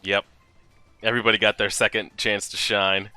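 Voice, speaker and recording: A man hosting an anime reaction video, talking casually and excitably, swearing and talking back at the screen. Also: lowish voice, normal speed, clean tone, no room sound, soft background music.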